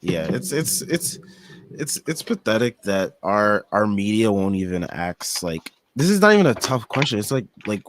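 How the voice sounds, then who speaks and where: A young adult man co-hosting a casual sports podcast, speaking indignantly in halting, filler-heavy sentences. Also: fairly low pitch, very animated. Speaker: podcast co-host.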